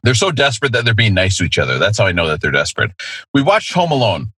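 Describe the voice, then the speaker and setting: A middle-aged podcast host with a lowish, slightly rough voice chats fast and casually, swearing a lot and laughing. He comes across as profane and animated, and the recording is dry.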